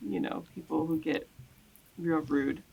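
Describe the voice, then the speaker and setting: A woman's voice: sits low, fairly even intonation, unhurried, gravelly, dark tone, a little hiss or hum, poor audio. A woman speaking frankly and passionately in a casual panel chat. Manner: frank, passionate about her point. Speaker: experienced surrogate on a panel.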